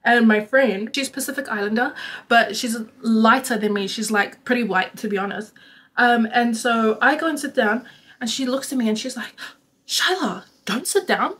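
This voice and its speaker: A young adult woman telling a story to her vlog audience in a chatty, animated way, filling her talk with "like.". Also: fairly high pitch, moderate pace. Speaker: vlogger. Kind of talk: casual storytime.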